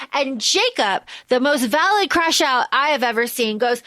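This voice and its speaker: Podcast co-host, woman; casual, animated recap, dry close mic. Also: sits high, a little slow, hardly any pauses, dry recording. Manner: animated, swearing, acts out lines in quotes. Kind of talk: casual movie recap chat.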